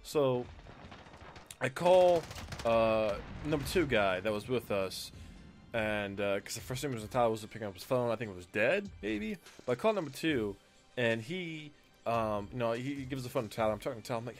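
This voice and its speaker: Guy doing a storytime, mid pitch voice, bit of music under it, acts out the lines. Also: a little fast. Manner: animated retelling, acts out quoted lines, frequent fillers. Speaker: gaming streamer telling a personal story. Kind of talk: casual storytime narration.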